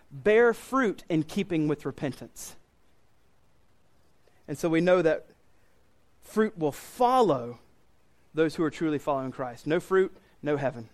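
Brief: male pastor preaching in church, emphatic and earnest, driving points home by repetition. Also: a little high. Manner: earnest, emphatic, repeats key phrases. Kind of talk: sermon.

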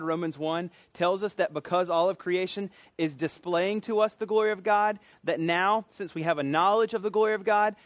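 A middle-aged Southern US man preaches a relaxed, folksy sermon, sounding like he is chatting with his congregation. His voice sits a little higher than most men's. The sound is dry and close, with almost no room echo. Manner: conversational and folksy, self-deprecating asides. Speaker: pastor teaching a doctrine class.

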